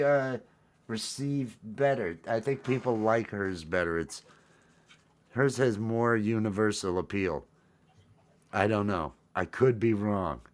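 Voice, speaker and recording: A man hosting a casual livestream, rambling in a wry, self-deprecating way. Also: fairly low pitch. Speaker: livestream host.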